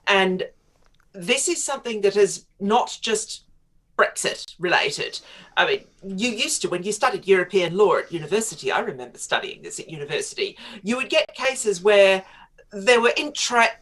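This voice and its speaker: A woman's voice: medium pitch, animated, moderate pace, fairly bright tone. A middle-aged woman, a writer interviewed on talk radio, telling stories in a chatty way with frequent laughs. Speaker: guest writer.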